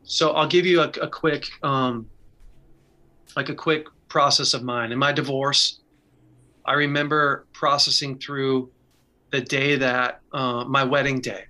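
Earnest man with a bright voice. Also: mid-range voice, steady tone, measured pace. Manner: earnest, candid, talks in short bursts with restarts. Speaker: faith speaker sharing advice. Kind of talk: conversational teaching with personal story.

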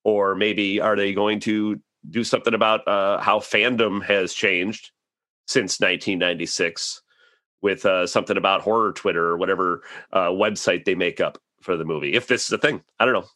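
Wry male co-host with a low but bright voice, recorded dry, tossing in jokes. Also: steady tone, moderate pace, no room sound. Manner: wry, joking asides. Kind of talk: casual podcast chat.

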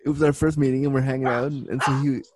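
A man's voice: medium pitch, little pitch movement, racing, background noise. A man talking as a guest, telling a personal story frankly and bluntly, with lots of fillers. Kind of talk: casual storytelling.

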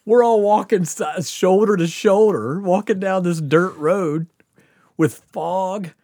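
A man's voice: sits high, takes it slowly, no echo, studio quality. A man hosting a podcast, telling a story casually with lots of laughter and acted-out quotes. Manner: animated, laughing often, acts out quotes. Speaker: podcast host.

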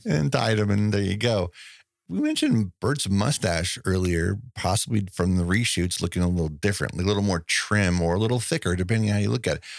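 A man's voice: fairly low pitch, lively intonation, brisk, creaky, no room sound, clean studio sound. A man co-hosting a casual movie podcast, rambling and laughing often as he talks. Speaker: podcast co-host.

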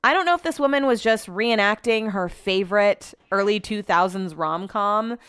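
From her home office, a woman hosts a podcast on a podcast mic, casually talking about the news and her day while occasionally swearing and stumbling over words. Her medium-pitched voice is fairly bright and clean at a moderate pace, recorded at studio quality with no room sound.

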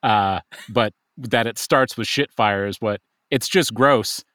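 A man telling stories in casual podcast chat, unhurried with many fillers. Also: fairly low pitch, fairly bright tone, no room sound, clean studio sound. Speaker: podcast guest.

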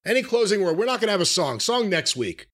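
A man's voice: sits high, sing-song, fast talker, a bit bright. A man hosting a podcast in a casual way, wry and jokey as he steers the talk. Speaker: podcast host.

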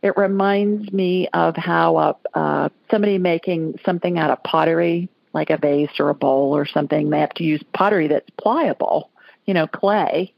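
A woman's voice: deep voice, normal speed, gravelly, no echo, highs cut off. A woman from Alabama hosting a call-in radio show, talking in a chatty, folksy way. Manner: chatty, folksy, laughs easily. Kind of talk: casual call-in chat.

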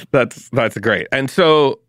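A man's voice: medium pitch, a bit bright, dry recording, clean studio sound. A man hosting an interview podcast, chatting casually and laughing easily with his guest. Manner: easygoing and chatty, quick to laugh. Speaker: podcast host.

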